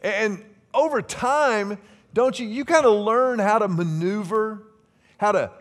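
A middle-aged man preaching a sermon to a congregation, animated and joking, drawing them in with questions. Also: high voice, unhurried. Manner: animated, joking, asks the congregation to call out answers. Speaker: pastor.

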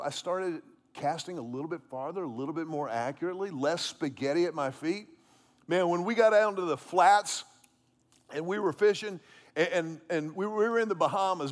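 A man preaching in a loose, chatty storytelling way, his voice sitting high for a man. The sound rings with the long reverb of a large hall. He talks from a church stage. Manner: casual, animated storytelling with fillers. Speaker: pastor. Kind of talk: sermon storytelling.

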